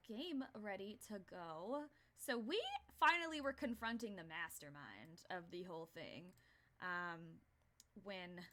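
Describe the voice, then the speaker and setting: A woman's voice: mid-range voice, pushed and bright. A young woman streamer chatting casually through gameplay, rambling, swearing freely and laughing often.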